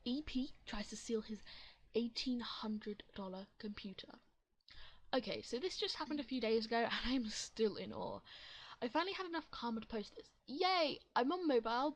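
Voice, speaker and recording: A woman who reads online stories aloud in a chatty, giggly, expressive way and adds her own comments. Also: a little high, poor audio. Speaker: story reader.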